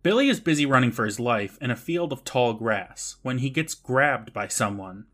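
A man's voice: medium pitch, animated, moderate pace, a bit bright. Wry man recapping a TV episode. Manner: wry, narrates plot with joking asides. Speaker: podcast co-host.

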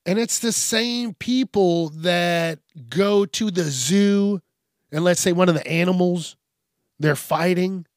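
Profane male podcast host, slightly higher voice, unhurried, rambling. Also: no room sound, clean studio sound. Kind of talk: casual ranting monologue.

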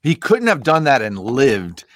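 A man co-hosting a casual talk, speaking hesitantly with many pauses and restarts. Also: mid-range voice, big pitch swings, dry recording, studio quality. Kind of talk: casual chat.

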